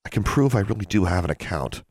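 A man's voice: on the low side, animated, quick pace, darkish tone, no echo, studio quality, voice pushed up. A man voicing a determined, pressing teenage girl witch in an audiobook. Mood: urgent.

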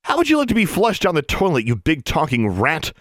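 A man voicing a sharp-tongued, defiant schoolgirl witch in an audiobook. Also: mid-range voice, sing-song, normal speed, dry recording, clean studio sound, voice pushed up, close to an everyday voice. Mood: snapping. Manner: snappish.

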